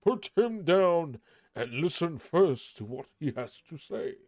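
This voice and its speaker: Man putting on an old wizard, stern and grave, slow delivery, dry close sound. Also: on the high side, sing-song, a little mellow, no echo.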